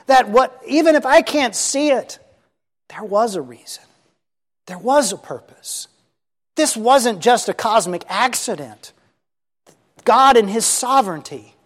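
High-voiced preacher in a reverberant hall. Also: male voice. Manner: earnest, emphatic, repeats key points. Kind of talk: sermon.

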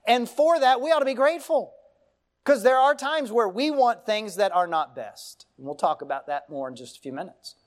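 A man's voice: high-pitched, animated, normal speed. A middle-aged man preaching a sermon as pastor, earnest and emphatic, often asking the congregation rhetorical questions.

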